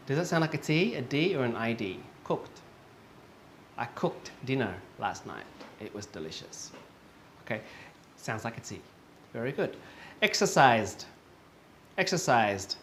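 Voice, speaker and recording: Slow, patient male English teacher. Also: medium pitch, big pitch swings, fairly bright tone, slight background noise. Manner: patient, repeats each word slowly for learners; frequent fillers and self-corrections. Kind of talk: online pronunciation lesson.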